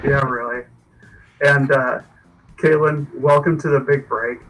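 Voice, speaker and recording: A man's voice: mid-range voice, steady tone, a little slow, fairly bright tone, distant mic, a little hiss or hum, poor audio. A man hosting a casual livestream, upbeat and rambling, with lots of fillers and restarts. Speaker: livestream host.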